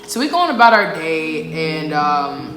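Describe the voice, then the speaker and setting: Low-voiced young woman telling a story. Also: very animated, measured pace, fairly bright tone. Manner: chatty, loose, lots of "like" and "um". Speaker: vlogger. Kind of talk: casual storytelling vlog. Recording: echoey room with background music.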